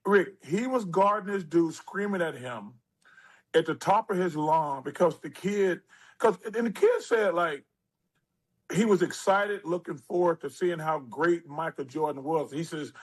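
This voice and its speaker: Older guy spinning big stories in an interview, pitch sits a bit high for a man, acts out all the quotes. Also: unhurried, low-quality recording. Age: 60s. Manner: animated storyteller who acts out quotes. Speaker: interview guest, former basketball player. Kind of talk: storytelling interview.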